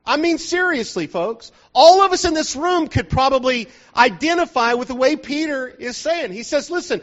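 A man's voice: very high voice, animated, normal speed, few pauses, a bit bright. A man preaching a sermon in a conversational, joking way, often asking the listeners whether they are following, in a dull lo-fi recording from a church hall.

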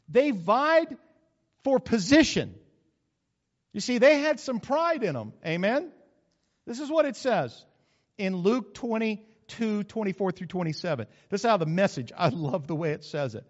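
A middle-aged man preaching a sermon as pastor, animated, acting out quotes with sudden loud bursts. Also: high-pitched, unhurried. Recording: muffled recording in a reverberant hall.

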